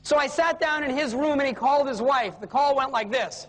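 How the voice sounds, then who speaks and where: High-voiced trainer guy, bouncy storytelling, big hall echo. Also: fairly quick, few pauses. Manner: animated, comic storyteller. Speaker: sales and service trainer. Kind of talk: keynote storytelling. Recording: long reverb of a hall.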